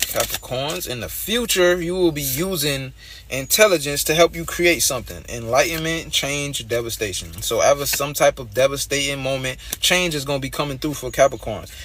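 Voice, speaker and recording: Young guy doing a chill tarot reading, blunt and slangy, mid pitch, bit of faint hiss behind. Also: fairly bright tone. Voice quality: streetwise, blunt and profane. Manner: loose, conversational, repeats phrases. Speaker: tarot reader.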